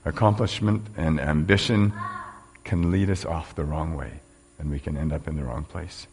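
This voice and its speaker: A man's voice: sits low, slightly rough. A man preaching a sermon in a conversational way, with rhetorical questions and casual fillers.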